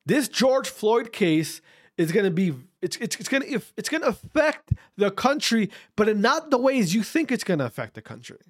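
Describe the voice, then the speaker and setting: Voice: medium pitch, sing-song, moderate pace. A speaker giving an opinion rant to camera, emphatic and blunt, firing off repeated rhetorical questions and swearing for emphasis.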